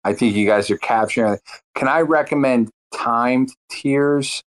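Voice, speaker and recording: A playful man who teases with mock-earnest suggestions in a casual live chat. His voice sits at a mid pitch. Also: measured pace, rough recording. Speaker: audience participant.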